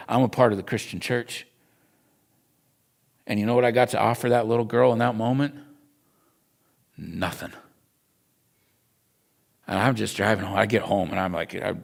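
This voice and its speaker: A low-voiced man with a gravelly, creaky edge, teaching a class. He tells a personal story in an earnest, emotional way. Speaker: Bible school instructor.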